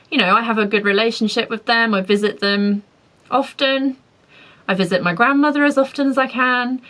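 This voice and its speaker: A woman's voice: on the high side, a bit bright, rough recording. A young woman with a British accent, chatting casually as a vlogger reacting to comments, candid with wry asides. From Britain.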